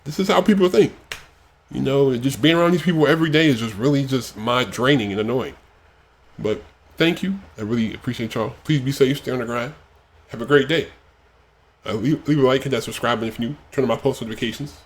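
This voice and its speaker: A man's voice: mid-range voice, fast, a little hiss or hum. A man from the United States hosting a casual reaction video, ranting in an exasperated way and filling his sentences with "like". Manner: exasperated rants, many fillers like "like".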